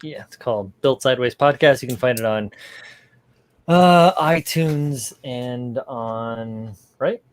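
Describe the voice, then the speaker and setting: A man's voice: mid-range voice, slow pace. A man co-hosting, talking casually with lots of hesitations and jokes. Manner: rambling, hesitant, laughing. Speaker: podcast co-host. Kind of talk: casual chat.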